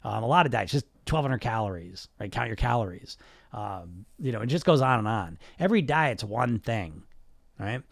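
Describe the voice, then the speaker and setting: A man's voice: medium pitch, lively intonation, creaky, dry recording, studio quality. A man coaching weight loss in an emphatic monologue, swearing freely and firing off rhetorical questions. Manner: emphatic, profane, rapid talk with rhetorical questions. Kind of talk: podcast monologue.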